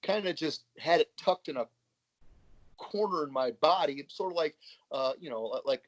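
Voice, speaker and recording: Male podcast guest, higher pitch, blunt and profane, dry close sound. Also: animated, moderate pace, dry recording. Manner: frank, profane, chatty, often acting out quoted voices. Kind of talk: casual storytelling conversation. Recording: slightly muffled, dry podcast audio.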